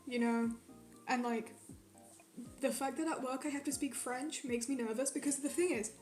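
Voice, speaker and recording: A woman's voice: sits high, fairly even intonation, normal speed, a little mellow, faint music behind. A young woman streaming to her chat, rambling and swearing a lot as she rants. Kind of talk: casual chat with live chat. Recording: roomy echo.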